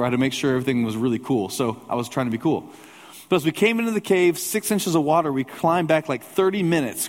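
A male pastor preaching a sermon in a church, telling a personal story in a conversational way with humorous asides. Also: a little high. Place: church sanctuary with a congregation. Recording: long hall reverb.

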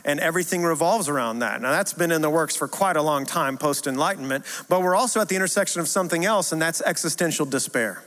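A man in his thirties preaching a sermon, earnest and repetitive, moving from hushed tenderness to emphatic declarations. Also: on the high side, fast talker, few pauses. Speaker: pastor. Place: church sanctuary. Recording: long hall reverb.

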